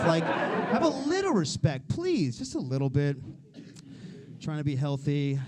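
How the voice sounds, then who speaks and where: Young american guy doing standup, kinda high voice, wry and self-deprecating, swears a lot. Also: animated, moderate pace, a crowd in the background. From United States. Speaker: stand-up comedian. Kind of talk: stand-up comedy set. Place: live comedy stage.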